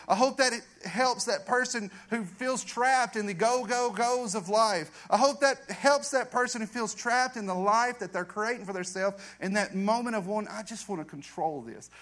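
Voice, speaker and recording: A middle-aged man, a youth pastor giving an earnest testimony in a church. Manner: earnest storytelling, voice drops low and soft for emphasis. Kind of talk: testimony sermon. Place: church sanctuary.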